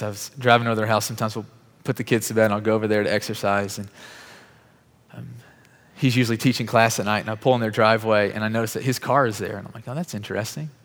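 A man telling a testimony in a sermon, casual and conversational, acting out the people in his story. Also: fairly low pitch. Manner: lively storyteller who acts out quoted dialogue; conversational, casual fillers like "like" and "bro". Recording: long reverb of a large hall.

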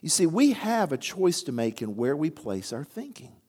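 Guy preaching a sermon, kinda high voice that swings all over, gets loud on the big lines. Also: normal speed, husky. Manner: animated, rising to emphatic near-shouts on key phrases. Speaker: pastor.

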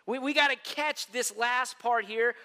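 A man preaching a sermon as pastor, an animated storyteller who calls his listeners gang. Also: very high voice, measured pace, long reverb tail.

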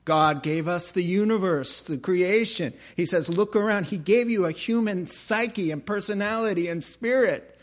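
A man preaching a sermon, emphatic, swinging between loud exclamations and quiet asides. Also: sits high, moderate pace, hardly any pauses. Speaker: pastor.

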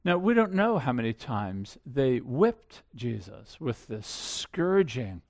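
A man preaching a sermon, retelling the story with lively delivery and acting out the quoted lines, explaining as he goes. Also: mid-range voice, slow, gravelly, no room sound, studio quality. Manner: explanatory, with frequent "I mean" and "you know".

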